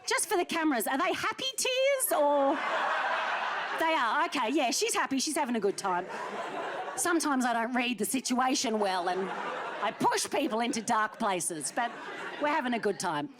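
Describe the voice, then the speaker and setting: A woman's voice: sits high, big pitch swings, moderate pace, over a noisy crowd. A woman, doing live stand-up and teasing an audience member in a theatre. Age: early 40s. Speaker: stand-up comedian. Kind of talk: live stand-up with crowd work. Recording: noisy live theatre recording.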